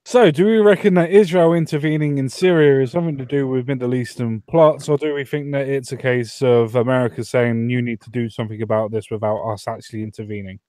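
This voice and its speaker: A man's voice: medium pitch, fairly quick, hardly any pauses, mellow, no room sound, studio quality. A man joking around in a casual podcast chat, swearing freely.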